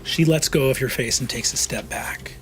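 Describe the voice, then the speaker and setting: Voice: mid-range voice, moderate pace, fairly bright tone, soft background music. A game master narrating a tabletop game with vivid, dramatic scene description.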